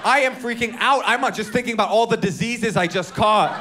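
A man from Oakland telling a story in stand-up, animated and self-mocking, acting out his own panicked lines. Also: high-pitched, brisk, very noisy. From Oakland, California. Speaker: stand-up comedian. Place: live comedy venue with an audience.

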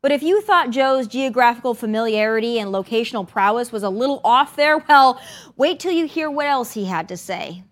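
A woman's voice: on the high side, expressive, a little fast. A woman hosting an opinion show, delivering sarcastic, emphatic commentary from a studio. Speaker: host.

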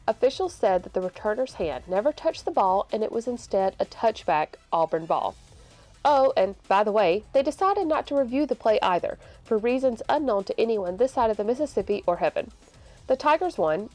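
A woman's voice: mid-range voice, darkish tone. A woman reading a scripted sports report with a wry, sardonic delivery.

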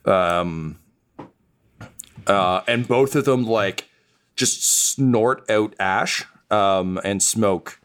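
A man running a tabletop game as game master, narrating haltingly with many fillers and crude asides. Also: lowish voice, clear, resonant tone. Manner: halting, full of ums and uhs, crude.

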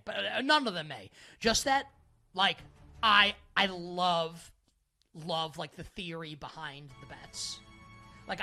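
Bright, playful male sports betting host. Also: high-pitched. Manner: playful mock-regal self-reference, rambling with frequent "like". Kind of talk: casual sports betting talk show.

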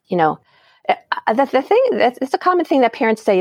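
A woman's voice: on the high side, expressive, a little fast, dry recording, studio quality. A woman parent educator as an interview guest, explaining ideas and acting out example phrases with light laughs.

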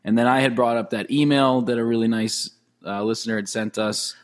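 A man's voice: mid-range voice, fairly even intonation, fairly quick. A man co-hosting a casual podcast, friendly and thoughtful. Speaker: podcast co-host. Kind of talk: casual chat.

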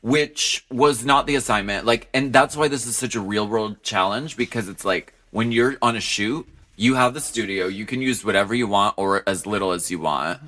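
A man co-hosting a podcast, animated and quick to exclaim. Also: lowish voice. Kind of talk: casual chat.

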